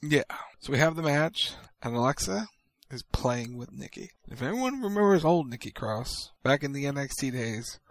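A man hosting a casual wrestling recap show, playful, with quick sponsor reads. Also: medium pitch, lively intonation, no echo, low-quality recording. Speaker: host.

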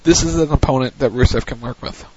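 A man's voice: mid-range voice, darkish tone, husky. A man hosting a wrestling recap, retelling the action play-by-play in a casual way. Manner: recounts events in a hurried play-by-play, with frequent restarts. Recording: dull lo-fi audio.

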